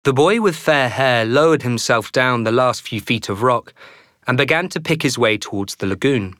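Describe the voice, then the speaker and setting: A male narrator reads a novel aloud, measured and expressive. His pitch rises and falls in a lively way. The recording is dry and close, with no room sound. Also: dry recording. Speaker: audiobook narrator. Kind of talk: scripted narration.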